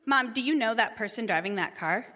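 A woman's voice: on the high side, animated, brisk, bright, forceful tone. A woman imitating her talkative young child firing off questions. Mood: curious.

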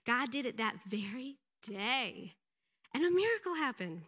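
A middle-aged woman giving an animated, self-deprecating church testimony, laughing often. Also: on the high side, measured pace, breathy edge. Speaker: pastor's wife giving a testimony.

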